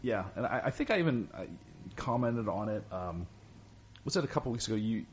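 A man chatting casually, adding quiet, agreeable asides. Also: fairly low pitch, lively intonation, a little fast, lo-fi sound, a little hiss or hum. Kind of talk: casual chat.

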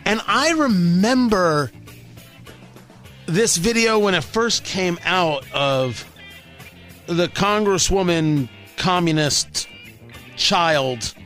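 Lively, bright-voiced combative radio host man. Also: high voice, very slow, long pauses, soft background music. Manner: combative, sarcastic, emphatic. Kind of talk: opinionated talk radio monologue.

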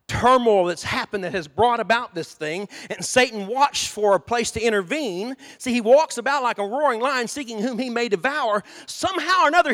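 High-voiced pastor preaching in a hall. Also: male voice. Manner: acts out both sides of arguments, rising to shouting. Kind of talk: sermon. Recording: long hall reverb.

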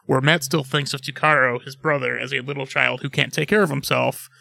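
A man's voice: medium pitch, steady tone, a little fast, vocal fry, pushed and bright. A man co-hosting a podcast, chatting casually, rambling and correcting himself with mock indignation. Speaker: podcast co-host.

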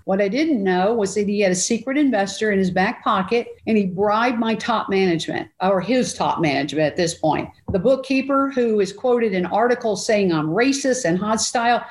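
A woman in her sixties tells her story with plenty of energy. Her voice sits at a middle pitch, and she acts out each quote with big jumps in pitch. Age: 60s. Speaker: guest. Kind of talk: storytelling interview.

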